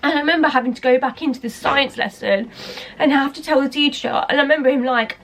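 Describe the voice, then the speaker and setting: A young woman speaks to her vlog camera in a fairly high voice. She rambles and hesitates, cutting herself off mid-thought as she talks candidly. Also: steady tone, fast, fairly bright tone, slight background noise. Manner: rambling, hesitant, self-interrupting. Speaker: vlogger. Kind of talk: candid personal talk to camera.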